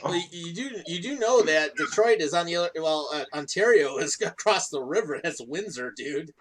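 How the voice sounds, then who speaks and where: A podcast co-host with a fairly high-pitched voice talks at normal speed. He tells stories in a relaxed, casual chat and laughs often.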